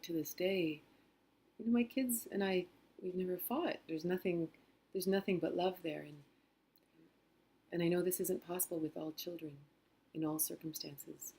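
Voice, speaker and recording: A middle-aged woman telling a personal story in a gentle, reflective way, acting out quotes softly. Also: on the low side, breathy edge. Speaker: author and spiritual teacher.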